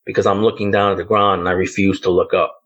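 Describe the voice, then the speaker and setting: A man's voice: deep voice, flat delivery, fast, fairly bright tone, poor audio. A fiftyish man telling a ghost story. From the Bronx, New York. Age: around 50. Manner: loose, hesitant storytelling with many fillers like "like" and "um". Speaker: podcast guest.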